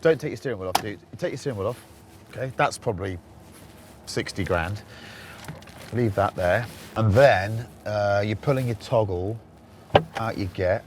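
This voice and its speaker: A man's voice: fairly low pitch, normal speed, pauses often. Wry man over traffic noise. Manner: wry, chatty, self-mocking asides. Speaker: car reviewer host. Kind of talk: casual running commentary while driving. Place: inside a car and on a town street. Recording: loud car and traffic noise behind.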